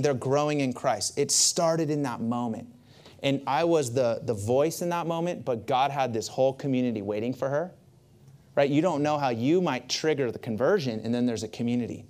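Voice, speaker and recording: A man's voice: mid-range voice, darkish tone. A man preaching a sermon, telling a personal story in a conversational way with asides to the listeners. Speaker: pastor.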